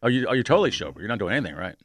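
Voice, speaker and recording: A man hosting a radio show, teasing his guest in a brisk, chummy way. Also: lowish voice, big pitch swings, dry recording. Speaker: radio host. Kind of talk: casual radio chat.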